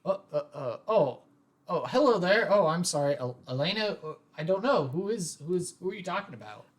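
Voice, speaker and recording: A man's voice: high-pitched, animated, fairly quick, pitched above the performer's own voice. A man voicing a shy young male student who stammers nervously. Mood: flustered.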